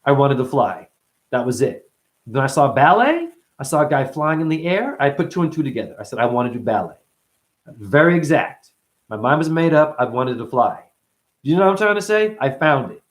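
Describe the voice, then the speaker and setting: A man rambling through an unscripted monologue in the manner of a spiritual teacher, profane and playful. His pitch swings widely as he jumps between thoughts, and he keeps breaking into quick impressions of the people he describes. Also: big pitch swings. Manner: profane, playful, acts out voices of others.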